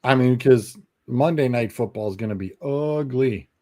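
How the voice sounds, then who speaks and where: A man co-hosting a podcast, talking football in blunt, excitable banter. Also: medium pitch, normal speed. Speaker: podcast co-host. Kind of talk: casual sports chat.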